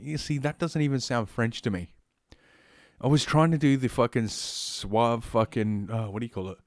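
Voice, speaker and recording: Rambling, foul-mouthed streamer, mid pitch, dead-dry mic. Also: male voice, a little slow, gravelly, dry recording. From Australia. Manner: profane, rambling, heavy swearing. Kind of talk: ranting commentary stream.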